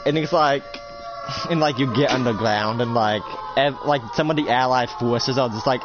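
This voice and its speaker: A man's voice: medium pitch, moderate pace. A man narrating an improvised roleplay in a rambling, casual way. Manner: rambling, many fillers and restarts. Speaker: game master narrating a roleplay. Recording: dull lo-fi mic with music behind.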